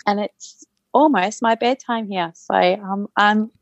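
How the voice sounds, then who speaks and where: A woman's voice: medium pitch, slow, no room sound, lo-fi sound. A woman from Western Australia with an Australian accent, an enthusiastic podcast guest calling in remotely. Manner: enthusiastic, laughs easily. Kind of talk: remote interview conversation.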